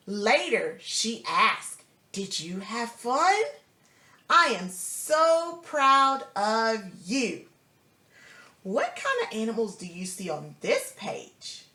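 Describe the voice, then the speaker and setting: A woman reads a picture book aloud to a small child, slow and encouraging, stopping to ask about the pictures. Her bright, fairly high voice swoops up and down in a lively sing-song. The room is echoey. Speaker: storybook reader.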